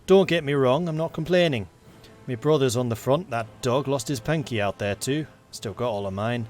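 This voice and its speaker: A man voicing a gruff, blunt Yorkshire military policeman with a put-on Northern English accent, grumbling in a folksy way. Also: medium pitch, moderate pace, a little mellow, faint music behind, lightly acted.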